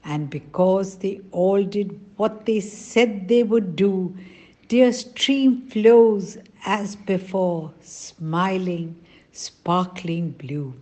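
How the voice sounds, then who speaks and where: A woman narrating a rhyming children's storybook in a gentle, sing-song manner. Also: mid-range voice, very slow.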